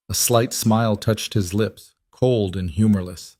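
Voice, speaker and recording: A man narrating a scripted story in a steady, measured way. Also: lowish voice, dry recording, studio quality.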